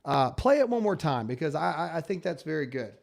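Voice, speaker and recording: A man's voice: on the high side, very animated, fairly quick, gravelly. A man hosting a casual talk show, emphatic and pleading, often stammering and repeating himself. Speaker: show host.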